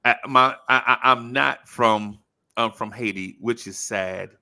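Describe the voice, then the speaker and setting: Man co-host, gravelly and bright, slangy casual talk with lots of "um" and restarts. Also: medium pitch, measured pace. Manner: relaxed, hesitant, filler-heavy, slangy. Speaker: podcast co-host. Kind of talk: casual chat.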